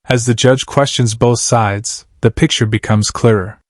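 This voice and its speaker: A man's voice: mid-range voice, fairly even intonation, unhurried, no room sound, studio quality. A man narrating a court case video in a dramatic, suspense-building tone. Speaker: host and narrator. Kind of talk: scripted narration.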